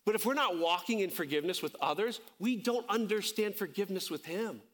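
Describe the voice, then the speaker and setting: A man's voice: animated, a bit bright. Impassioned male pastor preaching. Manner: impassioned, climbing high and slowing on key phrases; conversational, self-correcting asides. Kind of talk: sermon.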